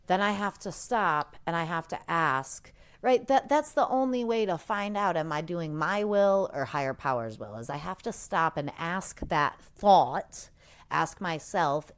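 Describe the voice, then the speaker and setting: A woman co-hosts a recovery podcast in a smooth, lowish voice that is animated yet a little slow. She reflects casually, explaining ideas with everyday examples.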